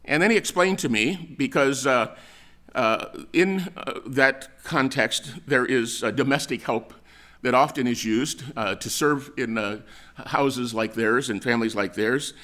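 An older American man preaching a sermon, telling stories in a relaxed, conversational way with frequent fillers and restarts. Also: medium pitch, unhurried. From United States. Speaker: pastor.

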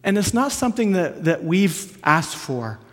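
A man from Canada preaching a sermon, earnest and storytelling, moving between hushed and emphatic. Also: high voice, very animated, measured pace. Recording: long hall reverb.

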